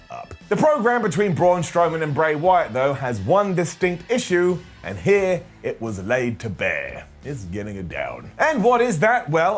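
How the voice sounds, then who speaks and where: Sarcastic man reviewing wrestling. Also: a little high. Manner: sarcastic, joking asides. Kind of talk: casual comedic video commentary.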